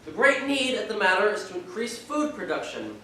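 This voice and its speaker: A man's voice: high voice, sing-song, brisk, bright, forceful tone, a little hiss or hum, heavily acted. A teenage boy on a school stage playing a stubborn, scheming pig who argues bluntly. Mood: dismissive. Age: teens. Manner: blunt, dismissive arguing. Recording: echoey hall, mic far off.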